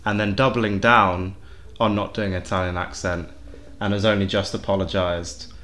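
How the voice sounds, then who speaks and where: A man's voice: low voice, steady tone, moderate pace, a bit bright, slight background noise. A man hosting a casual chat, often repeating words as he gathers his thoughts.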